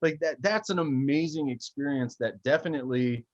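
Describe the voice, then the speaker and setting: A man hosting a casual chat, thoughtful and pausing to find his words. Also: mid-range voice, dull audio.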